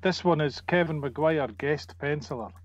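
A man's voice: on the high side, moderate pace. Upbeat man reading comic credits, lo-fi. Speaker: comic book club member. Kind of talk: casual group chat.

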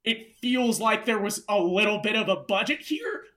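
A man co-hosting a casual chat, relaxed, full of fillers and swearing freely. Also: high voice, normal speed. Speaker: podcast co-host.

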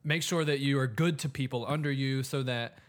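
A man's voice: medium pitch, fairly even intonation, brisk. A man in casual conversation about a Bible passage, thinking aloud and leaning on "like" as he talks. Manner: thinks aloud, heavy use of "like". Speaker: podcast co-host discussing scripture. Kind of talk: casual chat.

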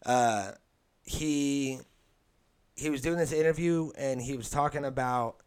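A man's voice: medium pitch, measured pace, a little mellow, clean tone. A man co-hosting a casual chat, easygoing and rambling as he tells a story. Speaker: podcast co-host.

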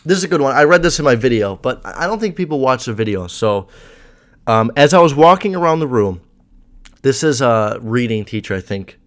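A man's voice: medium pitch, lively intonation, fairly quick. A young man hosting a podcast in casual chat, rambling and swearing with a sarcastic edge. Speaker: podcast host.

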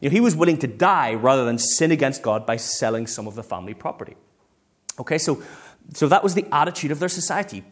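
A man, a pastor preaching a sermon in a lively, conversational way. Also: mid-range voice, quick pace.

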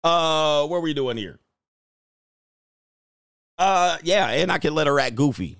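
A man hosting a casual livestream, reading viewer comments aloud, animated and laughing, with loose swearing. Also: fairly high pitch, unhurried, vocal fry, long pauses, clear, resonant tone, dry recording, studio quality. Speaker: livestream host reading chat.

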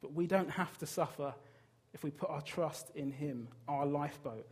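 A man's voice: on the high side, moderate pace, husky. A man preaching a sermon in an earnest, emphatic way, putting rhetorical questions to his listeners.

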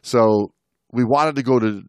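A man's voice: mid-range voice, measured pace, a little mellow, dry recording, clean studio sound. A man co-hosting a podcast, telling stories in casual chat with many restarts and laughs. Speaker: podcast co-host.

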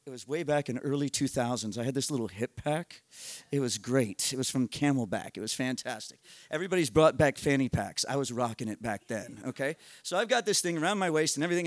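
A middle-aged American man telling a comic story at a live storytelling night, animated, profane and self-mocking, building tension with quick run-on narration. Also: medium pitch, no echo, studio quality. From United States. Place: live storytelling event at a bar.

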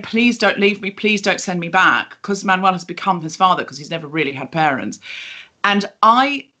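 Bright-voiced woman telling a story. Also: medium pitch. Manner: chatty, storytelling, wry. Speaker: guest. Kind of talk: casual chat. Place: home.

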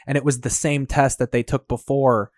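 Man, chatty podcast host, dry close mic, mid pitch, rambling anecdotes. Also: little pitch movement, normal speed, dry recording. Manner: rambling storyteller, acts out quotes. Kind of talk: casual chat.

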